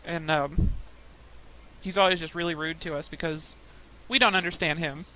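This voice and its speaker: A woman's voice: deep voice, steady tone, moderate pace, bright, forceful tone, rough recording. A young woman in casual chat while playing a game, telling rambling stories with frequent laughs. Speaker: gaming podcaster.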